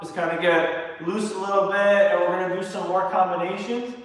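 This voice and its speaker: A man's voice: high-pitched, steady tone, moderate pace, a bit bright, very echoey, in a large hall, far from the mic, rough recording. A man teaching kids martial arts in a live online class, calling out punch combinations and coaching. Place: training studio.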